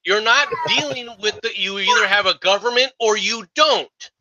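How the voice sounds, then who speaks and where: A man's voice: high-pitched, normal speed, lo-fi sound, a crowd in the background. A man co-hosting a stream, arguing history in a heated casual debate and cutting in often. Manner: argumentative, interrupting.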